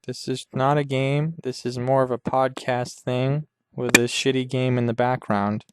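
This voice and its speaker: A man hosting a podcast, rambling crudely and deadpan through an improvised comedy monologue over a game. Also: mid-range voice, a little slow, background noise. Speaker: podcast host.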